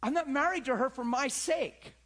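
A middle-aged male pastor preaching a sermon, swinging from loud calls to hushed, near-whispered lines. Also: extremely high pitch, moderate pace.

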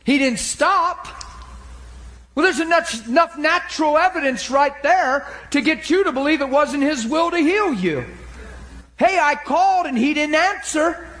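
A male preacher delivering an emotional sermon, animated and at times laughing through tears. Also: extremely high pitch, measured pace.

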